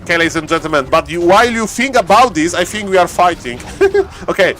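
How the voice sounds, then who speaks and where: A man giving chatty, excitable live commentary on a strategy game stream, laughing often and restarting his phrases. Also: high-pitched, a little fast, soft background music.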